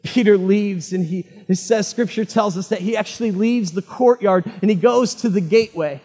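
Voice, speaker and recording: High husky male preacher in a reverberant hall. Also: moderate pace. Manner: dramatic retelling, swinging from loud to hushed. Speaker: pastor. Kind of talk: sermon.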